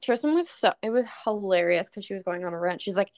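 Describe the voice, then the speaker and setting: A young woman co-hosting a podcast, chatting casually, swearing freely and ranting in animated retellings. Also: mid-range voice, fast talker, dry recording, studio quality. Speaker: podcast co-host. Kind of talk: casual chat.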